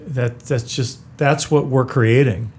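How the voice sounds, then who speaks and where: Middle-aged man, halting and thoughtful. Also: mid-range voice, steady tone, darkish tone, slight background noise. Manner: halting, repeats words while thinking. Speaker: guest, brewery founder. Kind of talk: conversational interview.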